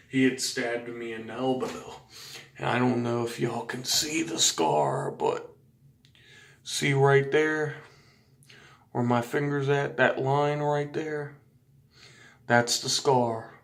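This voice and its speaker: A man with a Southern US accent tells his own story to the camera, blunt and profane, rambling along with fillers. His voice is mid-range and a bit bright, and the distant mic gives the sound a roomy quality.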